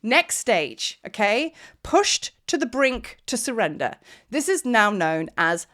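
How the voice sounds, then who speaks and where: A woman, giving a casual, animated spiritual energy talk as a teacher, laughing now and then. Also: a little high, takes it slowly. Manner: chatty, animated, often asks "do you know what I mean".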